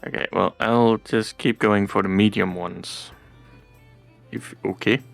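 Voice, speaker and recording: Player, man, low gravelly voice, laid-back, faint music behind. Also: steady tone, measured pace. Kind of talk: casual chat while playing a tabletop game.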